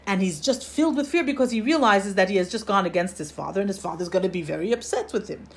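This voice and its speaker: A woman teaching a religious lesson, telling a parable in an animated way and often restarting her sentences. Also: medium pitch, fast. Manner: animated storytelling with frequent restarts. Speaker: Torah teacher.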